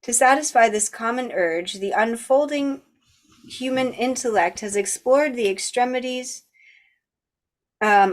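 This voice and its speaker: A woman hosting a book club, reading a philosophy text aloud at an even pace and breaking off now and then for casual chatty asides. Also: medium pitch.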